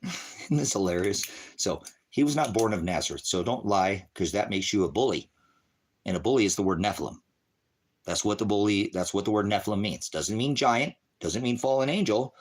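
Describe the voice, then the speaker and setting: A man on a livestream, ranting about scripture at his chat, swearing and taunting, dropping from low mutters to high shouts. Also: lively intonation, moderate pace, slight background noise. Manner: profane, taunting, mocking laughter. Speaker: livestream preacher. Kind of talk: heated livestream rant at chat.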